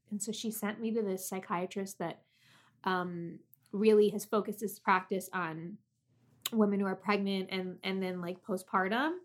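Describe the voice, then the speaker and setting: A heavily pregnant woman in her thirties, chatting candidly and telling personal stories as a guest. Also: mid-range voice. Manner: candid, animated storytelling. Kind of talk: casual chat.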